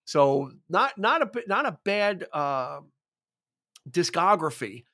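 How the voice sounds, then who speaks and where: A man's voice: high-pitched, sing-song, takes it slowly, sharp tone. A man co-hosting a music podcast in casual chat, talkative and enthusiastic, often restarting his sentences. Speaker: podcast co-host.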